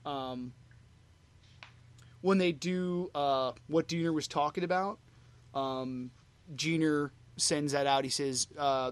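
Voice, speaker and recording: A man with a slightly raised pitch chats loosely on a fan podcast. He rambles, circling back with constant "you know" and "like" fillers as he recalls an old concert. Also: steady tone, slow, clean tone. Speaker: podcast co-host. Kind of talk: casual fan podcast chat.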